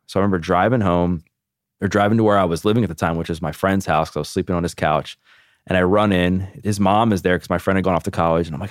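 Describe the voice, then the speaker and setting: Low-voiced man telling his story candidly. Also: fast, no room sound, studio quality. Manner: candid, animated, heavy use of "like". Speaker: podcast guest. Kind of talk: casual storytelling.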